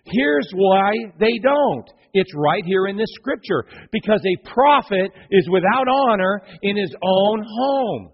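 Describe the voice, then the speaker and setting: A man's voice: sits high, expressive, unhurried, hardly any pauses. A man preaching a sermon from the pulpit, acting out the voices of people in his stories. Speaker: pastor. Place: church sanctuary. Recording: dull lo-fi church hall reverb.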